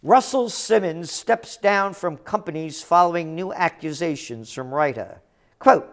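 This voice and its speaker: An older man hosting a trends commentary show, delivering a combative, sarcastic ranting monologue that breaks into shouted insults. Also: fairly high pitch, unhurried.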